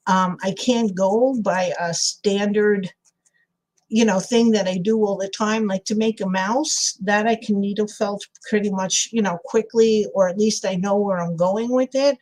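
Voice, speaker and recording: A woman's voice: medium pitch, a little mellow, rough recording. Middle-aged woman, New York accent, craft livestream host, rambling and chatty, laughs easily, reads chat aloud. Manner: chatty, rambling, laughs often, answers viewers by name. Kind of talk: casual chat while crafting and reading live chat.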